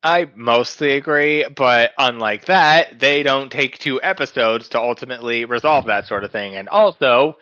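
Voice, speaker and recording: A man's voice: medium pitch, normal speed, few pauses, bright, forceful tone, no echo, dull audio. A man co-hosting a podcast, chiming in with wry, short commentary. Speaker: podcast co-host. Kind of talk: podcast discussion.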